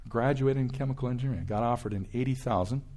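An older man in his sixties, a campus ministry speaker giving a preaching talk that swings from loud, emphatic bursts to hushed asides. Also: mid-range voice, fast.

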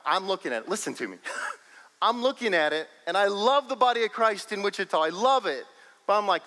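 A man preaching a sermon as pastor, emphatic and animated, often breaking into laughter. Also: high-pitched, moderate pace, big-room sound, low-quality recording.

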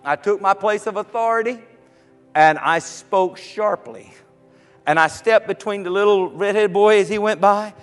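A man preaching a sermon, swinging from soft, low passages to loud shouted cries. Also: in a large hall. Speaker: pastor.

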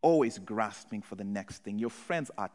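A male pastor preaching a sermon, moving between hushed, low passages and loud, impassioned ones. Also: expressive, normal speed, in a large hall.

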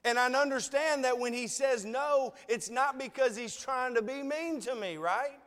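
A man's voice: very high-pitched, moderate pace, fairly bright tone. A man preaching a sermon in an earnest, conversational way, asking repeated rhetorical questions. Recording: long reverb of a large hall.

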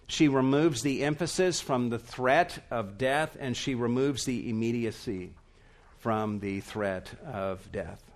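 A man's voice: mid-range voice, takes it slowly. A man preaching a sermon as pastor, earnest and emphatic, stretching out stressed words.

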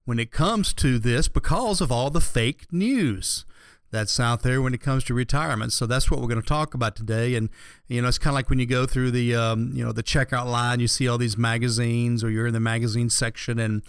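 A man hosts a radio talk show in a relaxed, chatty way. He rambles, circling back with fillers and restarts as he talks. His voice is smooth and clear, and the sound is close and dry. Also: medium pitch, a little fast, dry recording. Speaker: radio show host, financial advisor.

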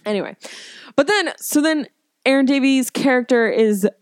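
A woman's voice: high voice, expressive, normal speed, no room sound, clean studio sound. A woman in casual chat, rambling and chatty with lots of fillers, playfully voicing quotes as she retells a story.

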